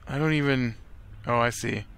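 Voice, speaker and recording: A man's voice: mid-range voice, normal speed, a bit bright, clean tone. A man hosting a let's play, giving casual gameplay commentary in a chatty way, reacting aloud to the game and laughing often.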